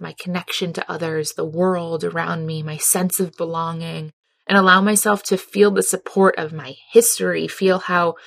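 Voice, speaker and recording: A fairly low-pitched, creaky female voice comes through a dry recording. She reflects on something she lived through, sincere and warm, with frequent easy laughter.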